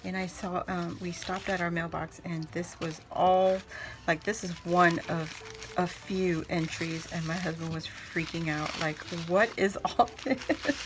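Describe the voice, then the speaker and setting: Slow-talking, gushing woman vlogger. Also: lowish voice, background noise. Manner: gushing, excitable, repeats words. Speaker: crafting channel host. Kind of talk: casual unboxing vlog.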